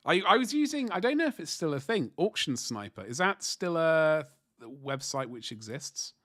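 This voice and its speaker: A man's voice: fairly high pitch, big pitch swings, moderate pace, sharp tone, no echo, studio quality. A man in his forties chatting casually on a livestream while painting miniatures, rambling and self-deprecating as he answers chat. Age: 40s.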